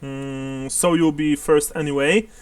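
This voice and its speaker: A man's voice: a little high, fairly even intonation, unhurried, clear, resonant tone, no room sound, distant mic. A man narrating a tabletop role-playing game as game master, chuckling often as he describes scenes.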